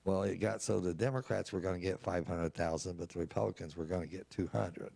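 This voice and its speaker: An older man with a low, gravelly voice tells folksy stories as an interview guest, acting out each side of the conversations he recalls. The sound is close and dry, with no room around it. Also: steady tone, brisk, mellow, dry recording. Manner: folksy anecdotes acting out quoted dialogue. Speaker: state representative, guest. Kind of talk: storytelling interview answer.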